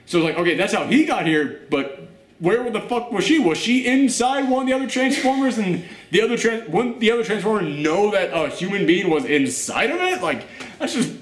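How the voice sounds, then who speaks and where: A man hosting a casual movie rant, animated and exasperated, swearing and laughing often. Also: high-pitched, a little fast. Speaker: host. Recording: roomy echo.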